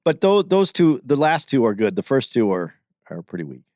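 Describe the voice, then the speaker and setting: A man co-hosting a podcast, calmly and persistently pushing back with questions in a debate. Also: mid-range voice, moderate pace, no echo, clean studio sound. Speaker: podcast co-host.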